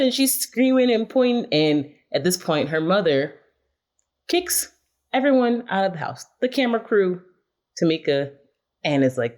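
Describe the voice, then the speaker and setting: Woman, podcast guest, low voice, lively swoops, storytelling. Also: moderate pace. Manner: animated storytelling, acts out quotes. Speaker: music correspondent. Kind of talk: casual podcast chat. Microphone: studio microphone.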